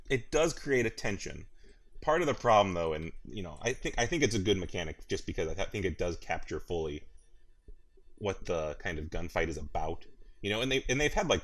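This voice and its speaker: A man hosts a laid-back gaming podcast in a very low voice. He rambles, restarts his sentences and laughs often as he talks. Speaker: podcast host. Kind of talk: casual gaming podcast chat.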